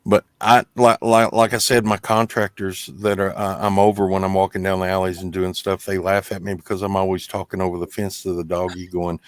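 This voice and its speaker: A man's voice: sits low, little pitch movement, brisk, few pauses, no room sound. A man in casual chat, talking in a folksy, rambling way with many restarts and fillers. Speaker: guest, gas company worker.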